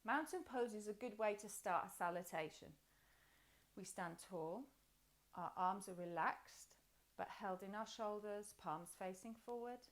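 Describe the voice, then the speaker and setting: A woman's voice: medium pitch, measured pace. A woman guiding a children's yoga and movement class, encouraging and playful as she talks the class through each pose. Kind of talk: guided class instruction.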